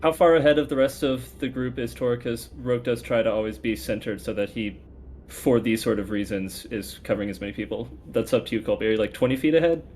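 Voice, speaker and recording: A man at a tabletop game who thinks out loud in a casual, hesitant way, with a mid-range pitch. Light room noise can be heard faintly behind him. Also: fast talker. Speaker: player.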